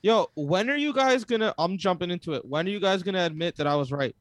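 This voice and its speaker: A man's voice: sits high, expressive, fast talker, no echo. A man co-hosting a sports podcast, arguing his point insistently in casual chat. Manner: insistent, argumentative. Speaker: podcast co-host.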